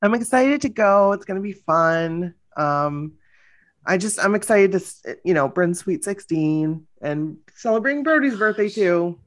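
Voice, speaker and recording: A woman's voice: medium pitch, lively intonation, measured pace. A woman co-hosting a podcast in easy casual chat, still getting over a cough. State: lingering cough. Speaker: podcast co-host.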